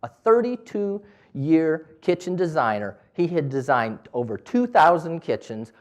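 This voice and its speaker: A man's voice: fairly high pitch, a little slow. A man giving a storytelling talk as a business owner, acting out the dialogue in different voices. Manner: animated, acts out dialogue in quoted voices. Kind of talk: storytelling speech.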